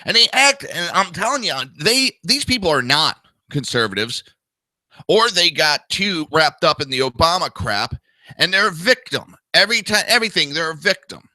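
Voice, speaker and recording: A man with a New Jersey accent hosts a political talk show, ranting through a blunt, crude, combative monologue and mocking others with whiny impressions. His voice sits a little high with big pitch swings, pushed and bright, at a moderate pace, with no room sound.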